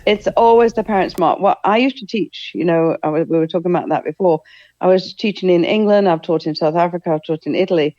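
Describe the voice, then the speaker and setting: A woman's voice: lowish voice, fast, dark tone, dry recording. A middle-aged woman, a therapist and trainer, talking enthusiastically as an interview guest and acting out quoted speech. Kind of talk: conversational interview. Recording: dull lo-fi sound.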